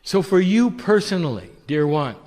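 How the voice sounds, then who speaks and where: A man giving a channeled spiritual talk in a gentle, intimate, preacherly way. He often asks the listener rhetorical questions. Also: sits high, very animated, moderate pace, big-room sound.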